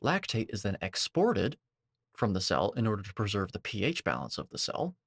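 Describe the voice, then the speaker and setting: A man commenting on a video, lecturing and sarcastic, with sudden high-pitched outbursts. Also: huge pitch swings, normal speed, gravelly, fairly bright tone, no room sound, clean studio sound.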